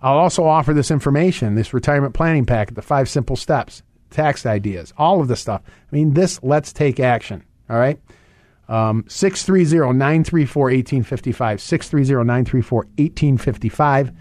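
A man hosting a financial advice radio show, talking fast and rambling, with many restarts and fillers. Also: medium pitch, darkish tone, no room sound. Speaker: radio show host and investment advisor.

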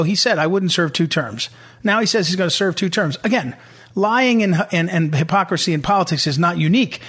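A man's voice: high-pitched, fairly bright tone. A middle-aged man hosting a political talk radio show, emphatic and repetitive as he hammers his points home.

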